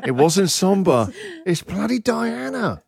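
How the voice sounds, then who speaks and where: A man's voice: high-pitched, sing-song, takes it slowly, gravelly, heavy background noise. A man hosting a comedic radio segment, playful and laughing often, mock-singing misheard song lyrics. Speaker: radio host. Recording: loud music bed behind.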